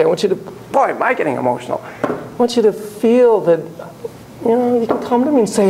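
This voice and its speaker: A man's voice: sits high, big pitch swings, brisk, gravelly, background noise. A man giving a classroom lecture on parenting, acting out quoted voices and digressing with laughter. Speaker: psychology lecturer.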